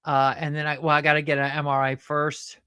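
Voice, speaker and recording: A woman who hosts a show with her puppet and chats in a rambling, halting way. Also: low-pitched, little pitch movement, a bit bright, clear, resonant tone, dry recording, studio quality. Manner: rambling, halting, fond of fillers. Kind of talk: casual chat.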